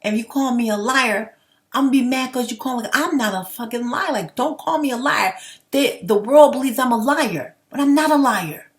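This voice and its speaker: A woman's voice: fairly high pitch, moderate pace. A young adult woman giving a heated, rambling opinion rant to her viewers, blunt and swearing freely. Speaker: commentary vlogger.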